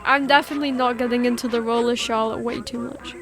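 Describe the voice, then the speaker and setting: A woman's voice: fairly high pitch, steady tone, fast, hardly any pauses, fairly bright tone, soft background music. A woman gaming streamer making casual, chatty, giggly asides during a let's-play.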